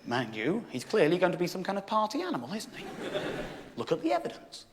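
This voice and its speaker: A man from England telling a story in stand-up, animated, incredulous and self-mocking. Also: sits high, fast, heavy background noise. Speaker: stand-up comedian. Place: stage before a live audience. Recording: live show with audience laughter.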